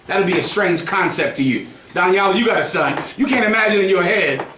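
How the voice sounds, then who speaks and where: A man's voice: sits high, fairly quick, sharp tone, a little hiss or hum. Heated, mocking man preaching in an echoey room. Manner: heated, mocking, swears freely. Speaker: group teacher. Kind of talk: street preaching.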